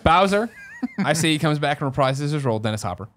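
A man co-hosting a podcast in a casual chat, quickly rattling off casting ideas. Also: a little high, animated, a bit bright. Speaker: podcast co-host.

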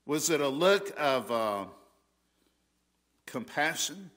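A Southern American man preaches a sermon with a bright, ringing voice. He presses his points hard and often stops to restart a sentence. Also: a little high, lively intonation, takes it slowly. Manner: emphatic, rising loud on quoted scripture, frequent restarts. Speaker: pastor.

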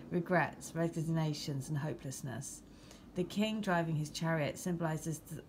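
A woman with a gravelly, low-pitched English voice talks through a spiritual card reading for her viewers. She reads the card meanings in an even way, then breaks into excited chat with bursts of laughter. A faint hiss sits under her voice. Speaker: tarot and oracle card reader.

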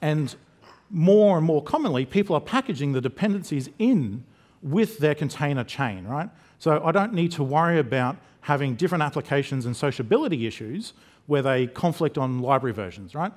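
A man's voice: a little high, lively intonation, a little mellow. A man from Queensland with an Australian accent, giving a conference talk and joking with the audience as he explains. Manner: jokey, addresses the audience with quick questions. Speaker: conference speaker. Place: conference hall.

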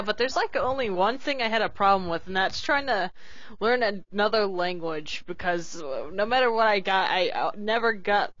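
A woman's voice: mid-range voice, a bit bright, no room sound. A woman cuts into a live stream with blunt, casual remarks and the occasional curse. Her voice sounds dry and close, with no room around it. The audio is dull and lo-fi. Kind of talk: casual chat.

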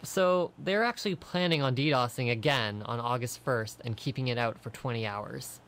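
A young man with a mid-range, slightly bright voice co-hosts a radio talk show. He presents news items casually and briskly keeps the conversation moving on to the next topic.

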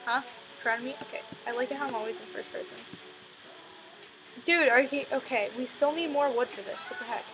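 High-pitched giggly young woman gaming. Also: a little fast, low-quality recording. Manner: giggly, rambling, playful. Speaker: gaming channel host. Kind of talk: casual gameplay commentary. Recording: faint background music under the voice. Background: music playing in the background.

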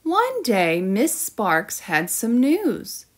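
Slow, expressive woman reading a children's story. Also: fairly high pitch. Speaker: teacher. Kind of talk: children's story read-aloud.

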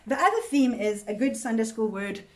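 A woman's voice: fairly high pitch, brisk, a little mellow. A woman teaching a Bible study to a women's group in an earnest, conversational way, often repeating words and checking in with her listeners. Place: church women's group meeting.

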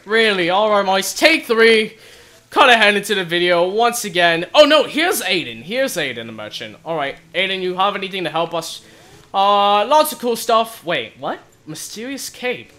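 A young man giving excited commentary on his own gameplay, often exclaiming and shouting as things happen. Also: sits high. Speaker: gaming video host.

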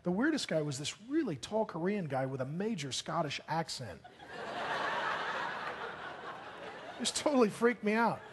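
A man preaching a sermon as a pastor, telling stories in a lively, joking way with bursts of excitement. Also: sits high, brisk, few pauses, very noisy. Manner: animated, jokey storytelling with bursts of excitement. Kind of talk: sermon storytelling. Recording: long hall reverb.

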